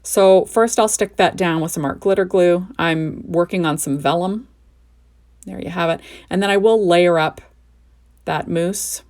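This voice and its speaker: Female crafting host, slightly low voice with gravelly fry, chatty and upbeat. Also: unhurried, a little mellow. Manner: chatty, enthusiastic, often asks "right?". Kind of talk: card-making tutorial narration.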